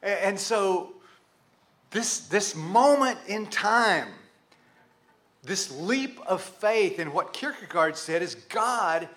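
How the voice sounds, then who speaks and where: Folksy Texan pastor preaching. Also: male voice, high-pitched, lively intonation, takes it slowly, fairly bright tone. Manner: folksy, conversational, jokes with the congregation. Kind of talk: sermon. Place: church sanctuary with a live congregation.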